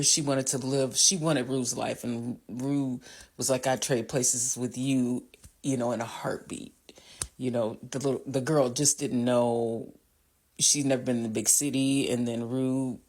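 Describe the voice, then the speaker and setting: A vlogger casually recapping a TV episode, talking in a chatty way with many fillers and restarts and reacting emotionally to the scenes. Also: medium pitch.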